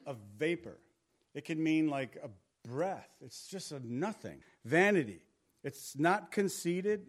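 A middle-aged male pastor preaching a sermon in a conversational way, repeating words for emphasis. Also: on the high side.

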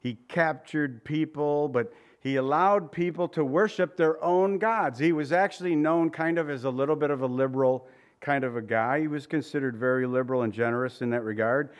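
Man, preacher, casual joking sermon, reads scripture aloud, slightly high voice. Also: moderate pace. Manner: informal, joking retelling of scripture with voiced asides; reads old-fashioned scripture passages aloud.

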